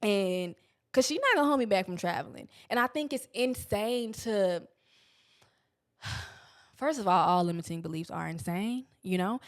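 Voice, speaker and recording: This young podcast host has a medium-pitched voice and talks candidly about self-help. Her style is casual and blunt, full of free swearing and words stretched out for emphasis.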